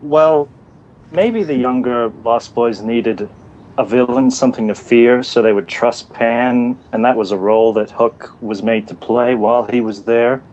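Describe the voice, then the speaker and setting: A man with an ordinary mid-range voice joins a relaxed fan podcast chat. He stammers a bit before settling into his point, over a faint hiss. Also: medium pitch, measured pace, highs cut off. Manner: hesitant, stammering restarts. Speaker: podcast co-host. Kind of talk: casual fan discussion.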